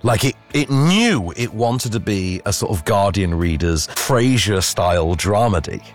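A man chatting casually about films, lively and full of fillers and restarts. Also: fairly low pitch, a little slow, faint music behind. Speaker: film reviewer. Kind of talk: casual film review chat.

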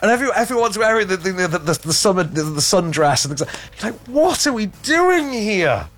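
A man's voice: high-pitched, sing-song, brisk, a bit bright. An English man hosting a film review podcast in casual chat, sarcastic and rambling, with frequent restarts. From England.

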